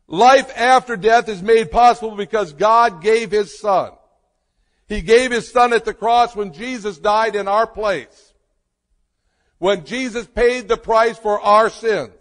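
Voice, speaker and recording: Long pauses and heavy emphasis mark this pastor's preaching. His voice is high and slow, and the sermon echoes with a lengthy reverb tail.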